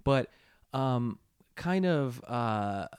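A man in casual podcast chat, talking in an animated, mocking way and swearing often. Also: mid-range voice, very slow, smooth, no echo, clean studio sound. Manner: animated, profane, mocking impressions. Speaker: podcast co-host.

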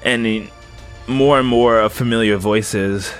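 A man narrating as game master of a tabletop game, slow and atmospheric, with restarts. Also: lowish voice, fairly even intonation, faint music behind.

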